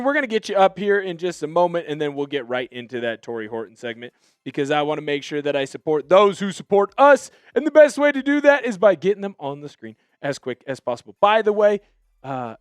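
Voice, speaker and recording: A young man hosts a live sports stream with hyped, energetic delivery, calling out viewers by name. His voice sits high and sounds smooth and clear. The recording is dry and close, with little room sound. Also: dry recording. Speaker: sports show host.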